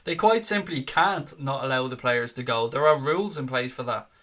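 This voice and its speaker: A man's voice: mid-range voice, normal speed, fairly bright tone. A man hosting a casual fan chat show, reading viewer comments with sarcastic, sweary jokes.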